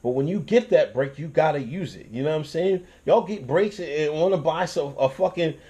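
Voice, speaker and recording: A man's voice: a little high, fairly quick, muffled recording. A young man hosting his own channel, ranting in casual commentary with lots of swearing and restarts. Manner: profane, animated ranting with restarts and laughs.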